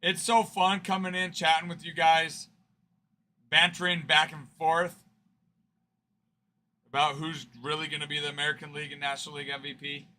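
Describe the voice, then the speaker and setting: Male stream host, chatty banterer, brilliant bright tone, a touch high. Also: flat delivery, moderate pace, pauses often. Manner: chatty, teasing banter, fond of the word 'frickin''. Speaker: card-breaking livestream host. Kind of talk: casual livestream chat with viewers.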